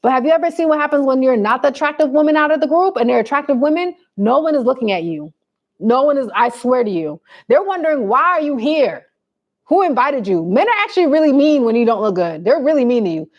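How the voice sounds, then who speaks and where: A woman talks straight to her viewers in a casual, sassy style, handing out blunt and preachy advice. Her voice sits on the higher side. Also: expressive, fast, highs cut off. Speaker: vlogger giving advice. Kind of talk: casual livestream chat to viewers.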